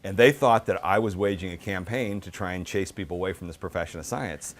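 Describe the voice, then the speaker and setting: A middle-aged man giving a book talk, telling casual, animated anecdotes with lots of fillers. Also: deep voice, brisk. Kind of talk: storytelling talk.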